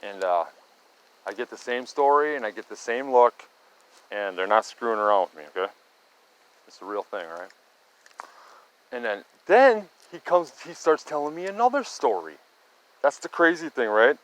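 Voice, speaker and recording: A man's voice: mid-range voice, poor audio. A middle-aged man casually telling a rambling story, often restarting and tagging lines with "right?" and "okay?". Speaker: storyteller recounting local sightings.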